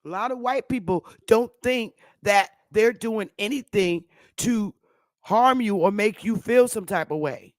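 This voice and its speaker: A woman's voice: mid-range voice, unhurried, dry recording, studio quality. A woman talking straight to the camera in a casual monologue, blunt, heavy on profanity and emphatic. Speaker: online commentator.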